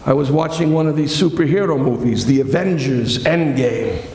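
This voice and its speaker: A man's voice: fairly high pitch, moderate pace, darkish tone. A male pastor preaching a sermon, chatty and digressive, with asides and restarts, recorded in a church sanctuary. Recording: echoey hall with long reverb.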